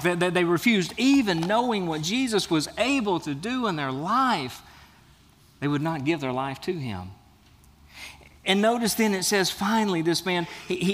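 A male pastor delivers a sermon with an earnest, searching manner, often stumbling over and repeating words as he builds each point. His voice sits noticeably high for a man. It carries a long reverberant tail, as if it is filling a church hall. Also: fairly bright tone. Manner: earnest preaching with frequent restarts and repeated words. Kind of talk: sermon with scripture reading.

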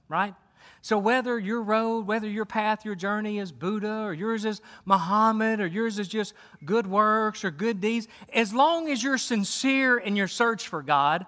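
A fervent male pastor preaching to his congregation, with a high, bright, forceful voice. He stumbles over repeated words as he drives each point home. The sound rings with the long reverb of a large church hall. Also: measured pace. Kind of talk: sermon. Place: church sanctuary.

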